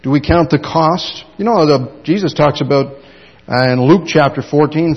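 A man's voice: fairly high pitch, moderate pace, slightly rough. A middle-aged man preaching a sermon, telling stories animatedly and acting out the dialogue. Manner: animated storytelling, acts out dialogue. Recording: dull sound in a long-reverb hall.

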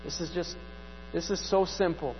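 A man's voice: fairly high pitch, steady tone, moderate pace. A man preaching a sermon as pastor, conversational and repeating key phrases for emphasis. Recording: dull sound, long hall reverb, mains hum.

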